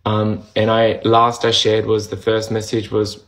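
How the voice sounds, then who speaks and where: A man talking to camera in a personal vlog, emotional and halting, with many restarts and pauses as he struggles to get the words out. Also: lowish voice, completely flat delivery, a bit bright, poor audio. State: emotional, close to tears. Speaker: vlogger sharing a personal update.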